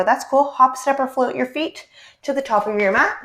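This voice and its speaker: A young woman teaching a guided yoga class, giving gentle cues and asking encouraging check-in questions as she leads through poses. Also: high-pitched, normal speed. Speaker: yoga instructor.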